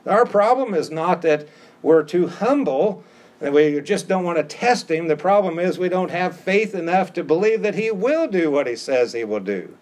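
A man's voice: sits high, animated, normal speed, darkish tone. A male pastor preaching a sermon, emphatic and given to repeating key phrases, with casual asides to the congregation. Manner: conversational asides.

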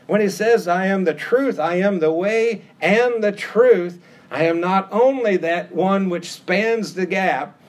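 A man's voice: sits high, takes it slowly. A middle-aged man preaching a sermon with an emphatic, repetitive cadence that rises on key phrases.

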